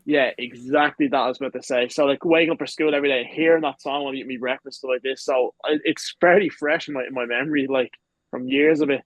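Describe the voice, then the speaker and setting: A man's voice: mid-range voice, fairly even intonation, quick pace, no echo, low-quality recording. A man in his twenties with an Irish accent, a podcast guest telling long rambling stories and swearing freely in casual chat. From Ireland. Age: 20s. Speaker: guest, pro wrestler.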